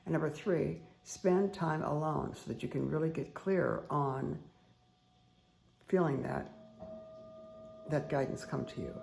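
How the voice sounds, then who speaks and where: A woman hosting a meditation and tarot session, talking casually with a croaky, dry-throated voice and rambling, friendly asides to her viewers at home. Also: low-pitched, measured pace, pauses often, darkish tone. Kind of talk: casual chatty talk to viewers.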